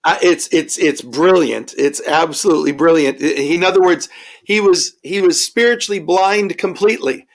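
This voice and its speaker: A man's voice: a little high, normal speed, creaky. A man, a bishop hosting a Bible study discussion, affirming and reflective. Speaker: bishop, host.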